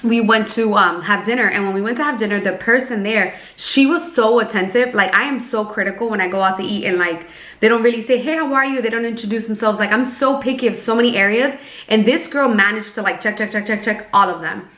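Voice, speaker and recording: A woman's voice: mid-range voice, a little fast, a bit bright. A woman coaching her team in a casual vlog, upbeat, chatty and playful. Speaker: network marketing team leader. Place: Miami. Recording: roomy echo.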